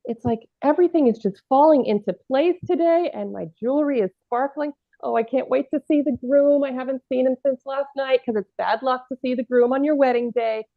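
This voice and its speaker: Woman playing a giddy bride, gushing, high voice, dry, tinny phone-line sound. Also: brisk, few pauses, no room sound. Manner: gushing, repeats "perfect" and "great". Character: giddy, vain young bride on her wedding day. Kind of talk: improv scene. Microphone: video call.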